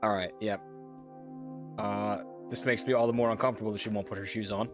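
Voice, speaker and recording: A man's voice: lowish voice, level tone, a little fast, over music. A man streaming a game, thinking aloud in a wry, casual way and swearing now and then.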